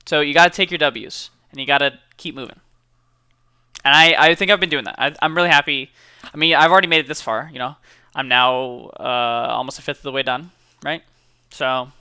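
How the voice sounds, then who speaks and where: A man's voice: on the high side, sharp tone, clean tone, dry recording, clean studio sound. A young man, a college student, chatting casually and upbeat to camera, with lots of fillers and repeated words. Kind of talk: casual motivational chat to camera.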